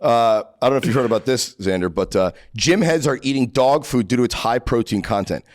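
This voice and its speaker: A man's voice: mid-range voice, fairly quick. A man hosting a podcast, reading out odd news stories with a wisecracking, mocking edge. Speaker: podcast host. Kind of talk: casual podcast banter.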